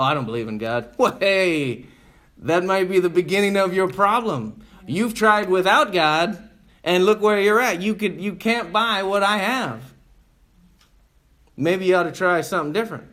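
Folksy preaching man, slightly high voice. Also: fairly bright tone. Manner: rhetorical questions, emphatic and folksy. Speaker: pastor. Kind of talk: conversational sermon.

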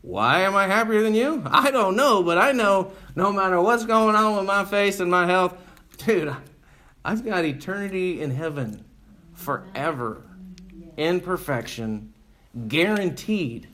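A man preaching in a relaxed, conversational way, his voice sitting a little higher than most men's. He leans on rhetorical questions and folksy emphasis, talking to the room like friends rather than reading a text. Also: unhurried. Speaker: pastor. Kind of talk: conversational sermon.

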